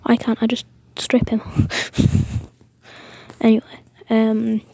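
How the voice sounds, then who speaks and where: Slow whispering woman, gravelly and dark. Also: on the high side, monotone, a little hiss or hum. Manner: whispered, rambling, many fillers and restarts. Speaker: storyteller. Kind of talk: whispered rambling storytelling.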